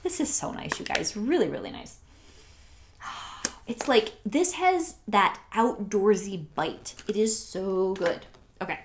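A woman talking through a product haul in a casual vlog, gushing and chatty, sometimes dropping to a soft near-whisper. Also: medium pitch, animated, takes it slowly, a little hiss or hum. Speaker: scent consultant and channel host.

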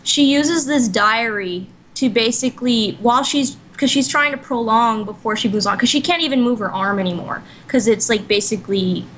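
High-voiced woman rambling through a story. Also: moderate pace, hardly any pauses, fairly bright tone, slight background noise, poor audio. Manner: rambling, full of "like" and "you know", self-correcting. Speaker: podcast co-host. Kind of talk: casual chat retelling an anime plot.

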